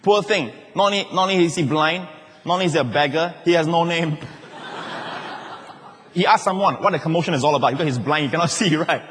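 A male pastor, preaching a lively sermon with jokes and sudden shouted quotes. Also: fairly high pitch, fast, big-room sound, a little hiss or hum.

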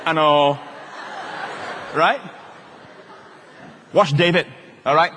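A pastor preaching a sermon, joking with the congregation and acting out quotes. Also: male voice, a little high, moderate pace, pauses often, husky. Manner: animated, joking, acts out quotes. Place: large church hall. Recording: long reverb of a large hall.

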